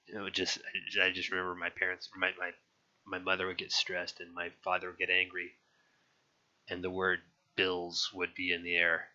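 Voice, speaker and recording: A young Californian man, being interviewed, talks frankly about his childhood in a rambling, casual way, restarting often and swearing now and then. His low voice is completely flat and sharp at a normal speed, and the recording has a dull lo-fi sound.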